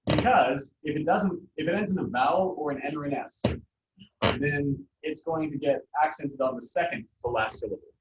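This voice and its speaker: A man's voice: on the high side, moderate pace, noisy background. A man teaching a Spanish pronunciation lesson to a class, explaining casually with many fillers. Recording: echoey, distant, dull classroom recording.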